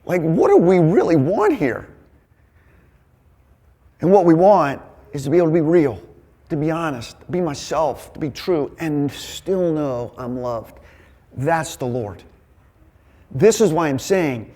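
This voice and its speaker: A man leading a men's Bible study, teaching in a casual, energetic, conversational way. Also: on the high side. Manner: energetic, conversational, quick asides. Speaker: men's ministry leader.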